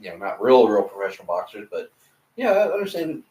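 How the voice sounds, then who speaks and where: A man's voice: lowish voice, very animated, fairly quick, a little mellow. A young man co-hosting a podcast in a laid-back casual chat, swearing freely and restarting his sentences. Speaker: podcast co-host. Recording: echoey room, mic at a distance.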